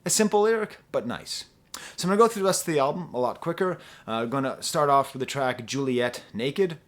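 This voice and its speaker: A man's voice: mid-range voice, lively intonation, fairly quick. A middle-aged man from the US East Coast giving a casual album review, rambling through jokes and humming the melodies. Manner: rambling, joking asides, hums melodies. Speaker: music reviewer.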